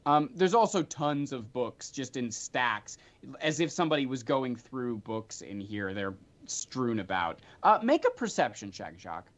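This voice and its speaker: Lively game master, lo-fi sound. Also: male voice, mid-range voice, a little slow. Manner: animated, chatty narration with frequent filler ums. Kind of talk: narrating a tabletop game. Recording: dull lo-fi recording.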